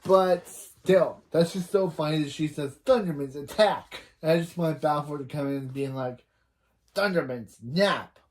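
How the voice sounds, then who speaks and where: A man's voice: on the high side, fairly even intonation, moderate pace, few pauses, darkish tone. A man retelling a movie scene by scene in a rambling way, reciting each character's lines after "he says" and often correcting himself mid-sentence. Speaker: reaction channel host.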